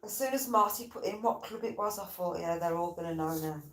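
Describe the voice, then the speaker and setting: A woman's voice: on the low side, brisk, a bit bright. A woman making brief remarks from off-mic during a live stream. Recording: echoey, off-mic and distant.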